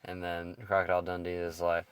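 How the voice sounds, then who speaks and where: A man's voice: deep voice, monotone, fairly quick, fairly bright tone, smooth, dry recording. A young man co-hosting a podcast in casual chat, who laughs as he retells comedy scenes. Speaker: podcast co-host.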